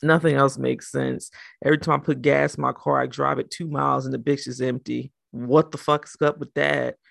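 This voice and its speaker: A woman with a South Jersey accent, a podcast co-host who swears freely and tells animated, colorful asides. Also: a bass voice, moderate pace, vocal fry, no echo, studio quality. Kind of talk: casual chat.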